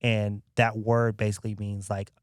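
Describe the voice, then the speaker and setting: Expressive laughing male podcast host. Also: on the low side, moderate pace, no echo, clean studio sound. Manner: expressive, laughing, acts out quotes. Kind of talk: casual chat.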